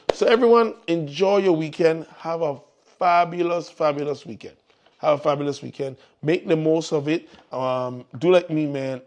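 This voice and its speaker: A man's voice: a little high, darkish tone. A man hosting a live morning show in casual chat, upbeat and fond of repeating his calls to the audience. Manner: upbeat, repetitive exhortations to the audience.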